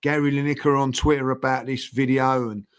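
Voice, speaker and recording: A man's voice: mid-range voice, little pitch movement, a little fast, clear, resonant tone. A man, a guest in a casual chat, telling a long story with lots of fillers and acting out the voices of people he quotes. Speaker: podcast guest.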